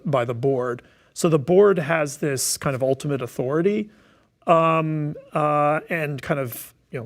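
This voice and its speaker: A man talking on a webinar as a task force member, thoughtful and explanatory, with many fillers and restarts. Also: mid-range voice. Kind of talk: webinar discussion. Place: online webinar.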